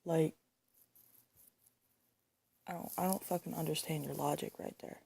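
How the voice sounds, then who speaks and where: A woman's voice: low-pitched, fairly even intonation, unhurried, gravelly, warm tone, slightly rough. A young woman ranting indignantly into her phone, swearing and repeating herself as she talks. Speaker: vlogger. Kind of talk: angry casual rant.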